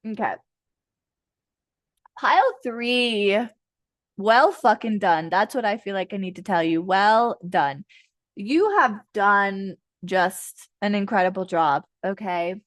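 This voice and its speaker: A woman's voice: medium pitch, expressive, slow pace, no echo. Chatty, laughing woman reading cards. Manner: chatty and playful, jokes, laughs and swears often. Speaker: tarot card reader. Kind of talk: casual pick-a-card reading to viewers.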